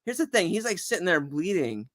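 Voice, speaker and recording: A man with a slightly high voice tells a rambling backstage anecdote as a guest comedian. He is animated and slips into the voices of the people he quotes. The talk is loose and chatty. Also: brisk. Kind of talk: casual storytelling.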